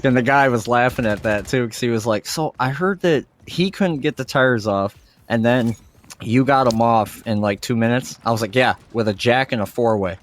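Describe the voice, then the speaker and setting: A man telling a story on a casual podcast, full of swearing and acted-out quotes of the people involved. His pitch sits in the middle range for a man. There is a faint hiss of noise under his voice. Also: normal speed. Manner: profane storyteller acting out quotes. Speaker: podcast co-host.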